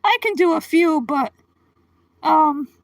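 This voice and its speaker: A woman's voice: high voice, slow, gravelly, no room sound, rough recording. A woman hosting a casual livestream, chatting with viewers by name and giggling often. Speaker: livestream host. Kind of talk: casual live-stream chat.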